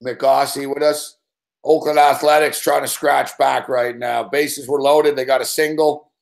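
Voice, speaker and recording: A man's voice: medium pitch, little pitch movement, a little slow, vocal fry. A man hosting a casual sports betting show, talking through picks in an easygoing way and reacting to live games. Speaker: show host.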